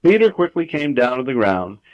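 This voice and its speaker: A man reading a children's story aloud at home, expressive, lifting his voice for emphasis. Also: medium pitch, moderate pace, no room sound. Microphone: home tape recorder. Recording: dull 1960s home audiotape.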